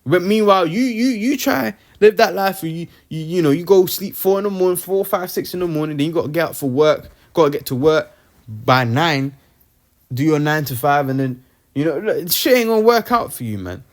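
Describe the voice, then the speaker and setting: A man's voice: on the high side, lively intonation, a little fast. A young man giving an informal, slangy Bible teaching, tagging his sentences with "man". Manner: slangy, streetwise, peppers talk with "man".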